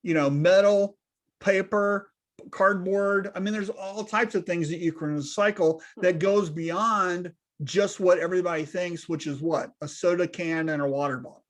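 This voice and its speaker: A man's voice: high-pitched, steady tone, normal speed. A man speaking as a business consultant, giving casual advice and tagging points with rhetorical questions. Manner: emphatic, asks rhetorical questions and tags them with "right?".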